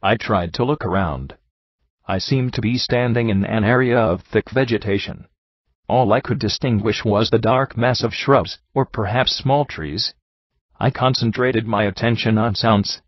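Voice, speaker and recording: A man narrating a book in a steady, measured reading style. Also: lowish voice, dry recording. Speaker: audiobook narrator. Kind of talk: scripted narration. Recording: slightly muffled lo-fi recording.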